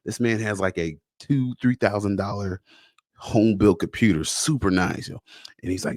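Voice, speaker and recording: A man hosting a podcast in a casual, animated monologue, slangy and acting out bits of dialogue. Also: fairly low pitch, moderate pace, no echo, studio quality. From United States. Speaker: podcast host.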